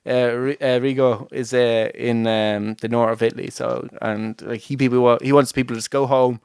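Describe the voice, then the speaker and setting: Smooth-voiced man chatting casually. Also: mid-range voice, flat delivery, normal speed, darkish tone, dry recording. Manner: rambling, many fillers, laughs often. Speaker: podcast host. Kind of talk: casual chat. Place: at home.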